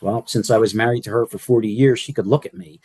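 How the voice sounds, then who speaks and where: A man's voice: medium pitch, fast, a little mellow, husky, no echo. An older man speaking on a panel as a former care partner, rambling with many fillers and restarts. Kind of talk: panel discussion.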